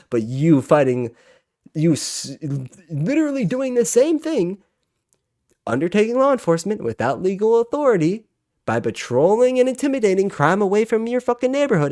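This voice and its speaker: A man's voice: a little high, a little mellow, no echo, studio quality. A man in his twenties with a heated, profane, exasperated way of talking as he hosts a reaction video. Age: 20s. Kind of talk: ranting reaction commentary.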